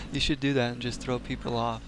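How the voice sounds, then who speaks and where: A man's voice: medium pitch, very noisy. A man hosting a casual let's-play, chatting and joking with viewers and laughing often as he plays. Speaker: gaming channel host.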